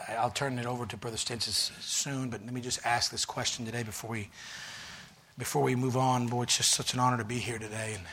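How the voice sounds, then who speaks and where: Guy preaching in a church, gravelly and bright, shouts then goes soft for the altar call. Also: medium pitch. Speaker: guest preacher. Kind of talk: sermon. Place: church sanctuary.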